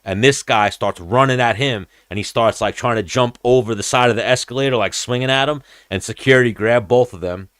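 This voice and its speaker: A young man hosting a podcast speaks at medium pitch, fairly quickly and with few pauses, his tone a bit bright and smooth. He tells a long, rambling, profane story in casual chat, acting out the people in it. The recording is dry and studio quality.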